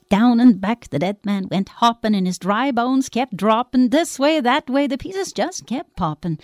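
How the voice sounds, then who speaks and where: Woman, storyteller, spooky folktale, lively pitch, dry close sound. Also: dry recording. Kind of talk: told folktale.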